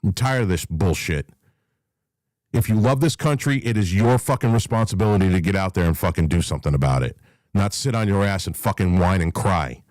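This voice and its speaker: A man's voice: low voice, lively intonation, a little fast, darkish tone, dry recording. A man hosting a live talk room, ranting in an angry, profane, emphatic way and repeating himself as he drives his points home. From New York, USA. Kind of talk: heated live chat rant.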